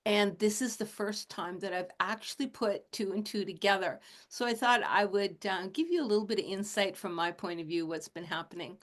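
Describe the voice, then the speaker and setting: A woman in her late sixties, a shamanic teacher, talking in a gentle, casual teaching manner and chuckling often. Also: on the low side. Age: 60s. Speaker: shamanic teacher and animal communicator.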